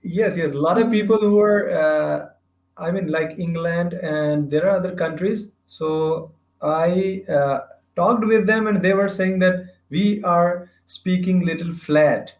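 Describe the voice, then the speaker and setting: A man's voice: high-pitched, darkish tone. Man on a roomy, muffled call. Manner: searches for words, halting non-native phrasing. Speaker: English learner. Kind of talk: casual practice conversation. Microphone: video call. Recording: roomy, dull lo-fi video call audio.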